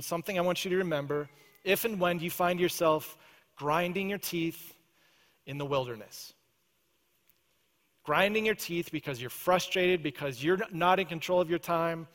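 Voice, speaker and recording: A male pastor preaching a sermon, earnest, often dropping to a soft, intense prayer voice. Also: on the high side. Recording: church hall reverb.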